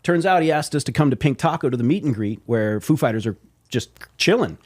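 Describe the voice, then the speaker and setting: A man from Las Vegas swaps band stories on a podcast with a lively, swooping voice that rises and falls as he talks. His tone is loose and slangy, with frequent swearing and plenty of "bro". His pitch sits in a middle range for a man. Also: brisk. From Las Vegas, USA. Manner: animated, slangy, swears, says "bro", acts out quotes. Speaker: podcast guest, professional drummer. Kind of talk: casual storytelling chat.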